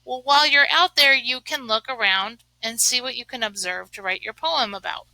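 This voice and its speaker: A woman's voice: fairly high pitch, normal speed, vocal fry, bright, forceful tone, low-quality recording. A woman teaching a remote lesson, chatting and thinking aloud as she writes, with many fillers. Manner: chatty, uses lots of fillers. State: sneezing from allergies.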